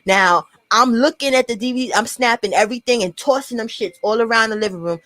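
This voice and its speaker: Young NY woman, casual storytime vlogger, swears freely, acts out the dialogue, slightly high voice, dry sound. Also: fast, hardly any pauses, no room sound. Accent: New York. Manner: profane, animated, acts out quotes.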